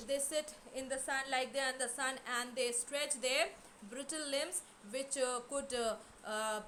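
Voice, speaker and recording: A middle-aged woman teacher, explaining a poem to her class slowly, with many fillers and repeated words. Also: sits high, a little hiss or hum. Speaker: English teacher.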